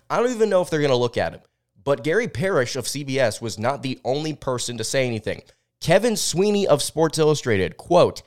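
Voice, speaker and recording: A man's voice: fairly low pitch, smooth. A man hosting a solo sports podcast, talking casually and reading quotes aloud, with frequent fillers.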